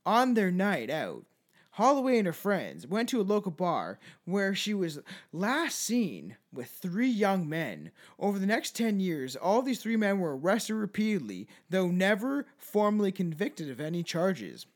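A man's voice: high-pitched, sing-song, unhurried. A man hosting a casual chat, reading out odd news stories in a profane, joking way and stumbling over foreign names. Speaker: podcast host.

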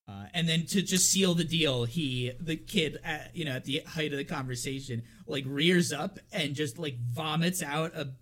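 A man co-hosting a casual horror movie podcast, chatty and quick to laugh, with lots of filler words. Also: fairly high pitch, a bit bright. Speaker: podcast co-host.

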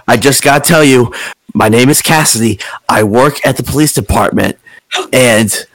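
A man voicing a nervous male police whistleblower in a tabletop game, hurried and urgent. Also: medium pitch, no echo, close to an everyday voice, poor audio.

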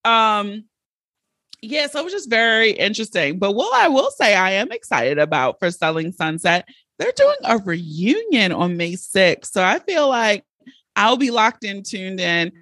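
A woman's voice: medium pitch, measured pace, no echo. Woman doing a solo podcast rant, blunt and cussing, dry close mic, no room sound. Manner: blunt, animated, heavy swearing. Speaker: podcast host.

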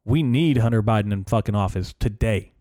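A man's voice: lowish voice, brisk, mellow, no echo. A young man hosting his own podcast, ranting in a profane, rambling, sarcastic way into a close microphone. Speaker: podcast host. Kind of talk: casual solo podcast rant. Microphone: studio microphone.

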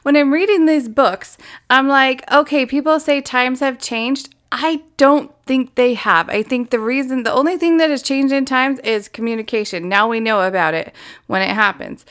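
A woman's voice: a little high, moderate pace, fairly bright tone. A woman co-hosting a casual true-crime chat, giving blunt, profane commentary. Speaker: podcast co-host.

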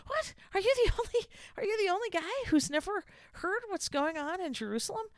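Bewildered male disciples, voice pushed way up high, played by a woman. Incredulous, exclaiming. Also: very animated, fast talker, dry recording, studio quality.

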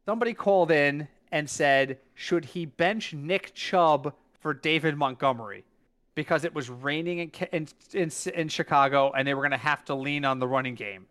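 A man's voice: a little high, normal speed. A man co-hosting a podcast in casual chat, talking emphatically and stumbling over his words as he recalls things. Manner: emphatic, lively, restarts and stumbles when recalling. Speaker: podcast co-host.

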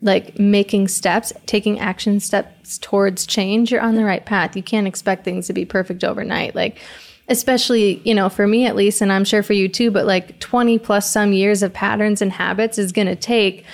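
A woman's voice: mid-range voice, steady tone, moderate pace. A young woman hosting a casual podcast chat, reflecting supportively and affirming her guest.

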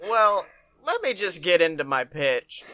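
A man co-hosting a casual comedy podcast, joking, rambling and laughing often as he pitches ideas. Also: sing-song, measured pace, pushed and bright, no echo, studio quality. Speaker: podcast co-host.

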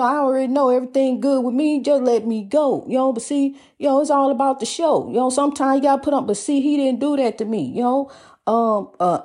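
A woman's voice: a little high, darkish tone, slightly rough. A woman hosting a faith talk program, telling folksy stories and calling the listener honey. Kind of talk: casual preaching talk.

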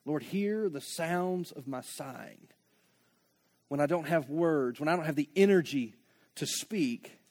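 High-voiced preacher man. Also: animated, a little slow. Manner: passionate, builds from hushed to loud. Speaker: pastor. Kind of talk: sermon.

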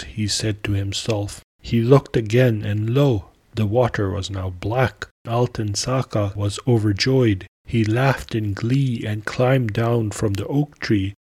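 A man narrating a folktale for a podcast with measured, deliberate storytelling. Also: on the low side, a little mellow, husky.

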